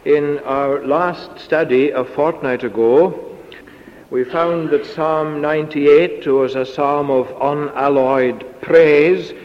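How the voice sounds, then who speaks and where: A man preaching an expository sermon in a measured, deliberate way, on a dull recording with a long echo. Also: a little high, steady tone. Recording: dull lo-fi tape in echoey hall.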